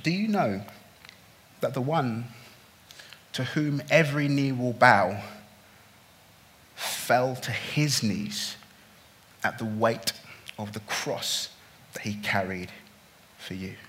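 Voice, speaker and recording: A man preaching a sermon, swinging from hushed, slow lines to loud, pleading outbursts. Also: medium pitch, slight background noise. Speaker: pastor.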